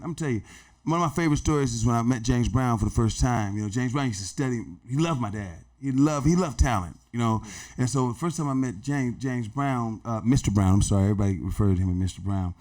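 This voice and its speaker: Man, middle-aged, podcast guest, casual storytelling, animated, slangy. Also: medium pitch. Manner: animated, slangy, peppers talk with "man" and "bro".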